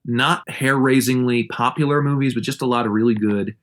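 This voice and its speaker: A man's voice: steady tone, fairly quick. A man co-hosting a podcast, talking through a film in a casual, rambling way with many restarts. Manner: rambling, with frequent restarts and sudden jumps in pitch. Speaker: podcast co-host.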